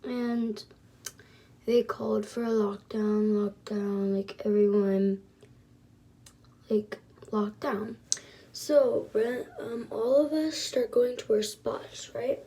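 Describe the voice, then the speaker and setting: A woman casually telling a story to her viewers while doing her makeup, soft-spoken and rambling with lots of fillers. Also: a little high, fairly even intonation, slow pace. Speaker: vlogger.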